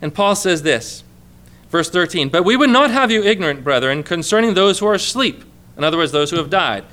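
A man's voice: high voice, expressive, brisk, pushed and bright. A man preaching a sermon as a pastor, earnest and conversational, asking the congregation questions.

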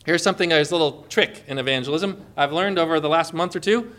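A man's voice: on the high side, fast, a bit bright. A man giving an informal Christian teaching talk outdoors on a boat, conversational and full of rhetorical questions and stories.

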